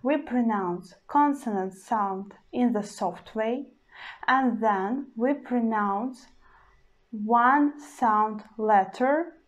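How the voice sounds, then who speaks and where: Very slow-speaking woman teaching. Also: fairly high pitch, dull audio. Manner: slow, deliberate, repeats example words several times; slightly non-native English phrasing. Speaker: language teacher. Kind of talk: slow pronunciation lesson.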